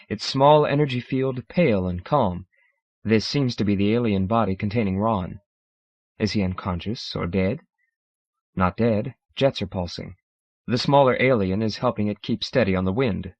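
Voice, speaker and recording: Measured male audiobook narrator, dry sound. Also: mid-range voice, no room sound. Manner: measured, dramatic. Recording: dry, slightly dull recording.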